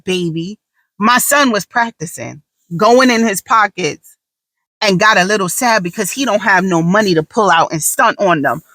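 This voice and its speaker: A woman in her thirties, a mother and podcast host, talking casually in an animated, sassy storytelling way with quick asides. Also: mid-range voice, dry recording, poor audio. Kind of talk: casual talk monologue.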